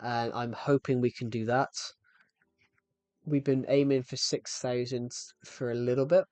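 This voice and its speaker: A man's voice: mid-range voice, flat delivery, a little slow, a little mellow, dry recording, soft background music. A man in his twenties chatting casually on a live game stream, a little out of breath and rambling as he restarts his sentences. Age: 20s.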